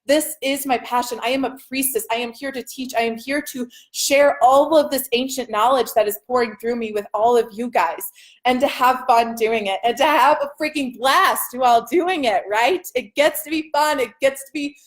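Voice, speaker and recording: A woman's voice: high voice, normal speed. A woman, talking casually and upbeat as a spiritual coach on a live stream to her viewers, often checking in with "okay?".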